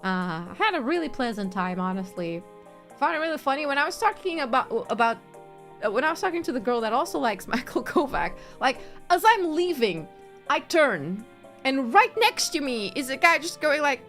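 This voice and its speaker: Lively high-voiced woman streamer. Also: brisk, faint music behind. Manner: rambling, chatty, laughs often. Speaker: virtual streamer. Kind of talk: casual chat stream.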